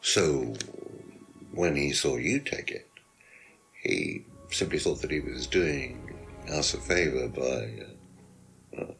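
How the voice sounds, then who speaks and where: A man's voice: extremely low pitch, lively intonation, slow, creaky, pauses often, a bit bright, faint music behind, exaggerated voice. An actor playing a condescending, evasive male teacher under suspicion, speaking in a video game. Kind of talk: full-motion video game acting.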